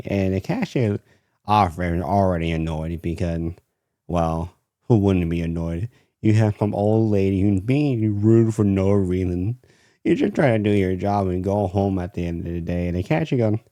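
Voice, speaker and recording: A man's voice: low-pitched, moderate pace, warm tone, no room sound. A young man casually telling a story from his retail job, rambling with many fillers.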